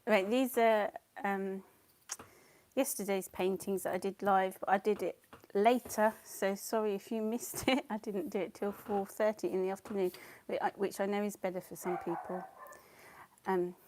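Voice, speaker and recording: A woman's voice: medium pitch, steady tone, moderate pace, darkish tone, a little hiss or hum. A woman chatting casually on a live stream at home, greeting viewers by name and giggling as she paints. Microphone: clip-on mic.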